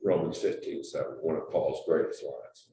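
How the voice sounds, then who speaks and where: A man's voice: a bass voice, normal speed, dark tone. A man leads an adult church class, spinning stories in a loose, chatty way and breaking into laughter. He sounds far from the mic in a very echoey room with a faint hiss behind him. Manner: chatty, storytelling, laughs often, repeats words. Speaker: Sunday school teacher. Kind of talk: casual classroom teaching.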